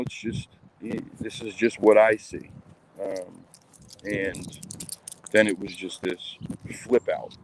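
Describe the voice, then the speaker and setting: A man's voice: mid-range voice, darkish tone, slight background noise, poor audio. A man chatting casually to his viewers in a rambling, hesitant way, full of fillers. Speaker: cryptid vlogger.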